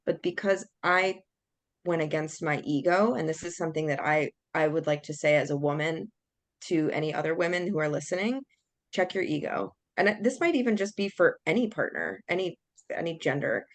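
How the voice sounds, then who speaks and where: Low-voiced woman telling a story. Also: brisk, dry recording. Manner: candid, animated storytelling with acted-out quotes. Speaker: podcast host. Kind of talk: casual podcast chat, telling a personal story.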